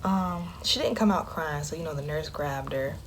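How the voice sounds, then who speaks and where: Young woman vlogging, low voice, aave, candid and hushed a lot, faint room hum. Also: moderate pace. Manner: candid, conversational, drops into a hush often. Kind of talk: personal storytelling to camera.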